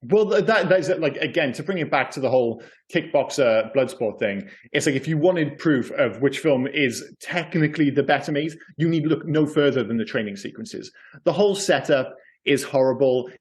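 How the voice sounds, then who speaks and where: A man co-hosting a podcast, chatting casually about a movie in an animated, swearing, ranting manner. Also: mid-range voice, normal speed. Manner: animated, swears often, goes off on rants. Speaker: podcast co-host.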